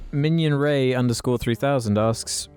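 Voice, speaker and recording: A man's voice: medium pitch, a little mellow. Teasing young man on a podcast. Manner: teasing, laughs readily. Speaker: podcast co-host. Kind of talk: casual chat.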